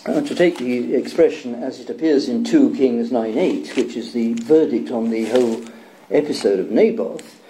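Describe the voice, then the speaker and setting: A man's voice: mid-range voice, moderate pace, dark tone, a little hiss or hum. Wry man lecturing, echoey room. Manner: wry, self-deprecating, thinking aloud. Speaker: Bible translator giving a talk. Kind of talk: public lecture to an audience.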